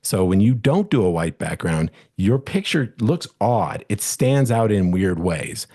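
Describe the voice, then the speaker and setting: A man's voice: lowish voice, very animated, a little slow, dark tone, husky. A middle-aged man who is a real estate agent, teaching a webinar in a casual, rambling way with many restarts and fillers.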